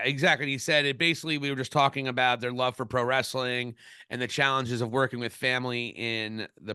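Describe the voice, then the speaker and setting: Man, casual podcast co-host, bright voice, dry close sound, opinionated and rambling. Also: mid-range voice, smooth, dry recording. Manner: opinionated, rambling, frequent restarts. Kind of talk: casual wrestling podcast chat.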